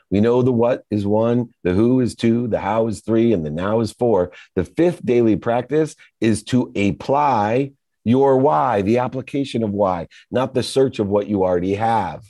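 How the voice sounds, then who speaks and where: Deep, mellow-voiced man giving motivational talk. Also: dry recording. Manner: emphatic, rhythmic lists with sudden swells in pitch. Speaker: motivational speaker. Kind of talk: motivational monologue.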